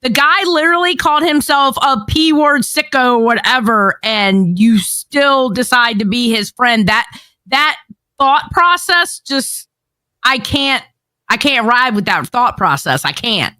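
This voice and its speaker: A woman with a somewhat high, bright voice on a dry, close mic. She sounds exasperated and keeps repeating herself as she objects. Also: animated, a little slow, no echo. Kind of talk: casual chat.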